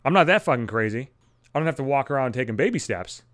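A man's voice: mid-range voice, expressive, fast talker, fairly bright tone, no room sound. Swearing man ranting into a dry mic. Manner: heavy swearing, blunt, ranting. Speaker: podcast host. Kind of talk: solo profane rant. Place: home apartment, alone. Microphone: studio microphone.

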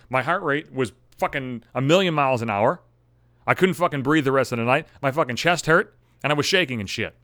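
A man telling a personal story to camera in a profane, animated way, acting out his own thoughts. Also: mid-range voice, no echo, clean studio sound. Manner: animated, swearing, acts out his own inner voice. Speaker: vlogger.

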